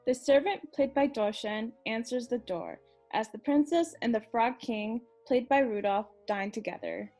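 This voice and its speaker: A woman's voice: on the high side, unhurried, hardly any pauses, a little mellow. A teenage girl plainly reading stage directions aloud for a school play, with faint music behind. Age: teens.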